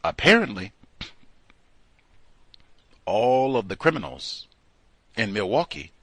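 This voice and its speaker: Lively bright-voiced male host. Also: lowish voice, slow pace, no room sound. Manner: animated and mocking, slipping into put-on voices. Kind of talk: commentary monologue.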